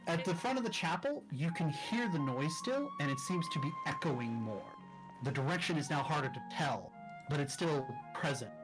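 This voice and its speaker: A man narrating as dungeon master in a tabletop game, describing scenes in a deliberate way over a voice call. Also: a little high, expressive, over music, low-quality recording. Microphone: discord call mic.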